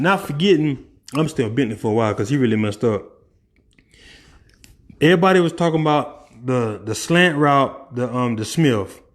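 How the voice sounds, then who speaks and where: A man giving an opinionated, animated sports rant as a vlogger, shifting between rapid bursts and drawn-out emphasis. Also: medium pitch.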